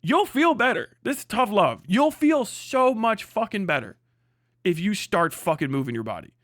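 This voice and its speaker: A man with a high-pitched voice delivers a blunt, profanity-heavy livestream rant. His voice is recorded close and dry, with no room sound around it. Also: big pitch swings, moderate pace, fairly bright tone, dry recording. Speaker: streamer.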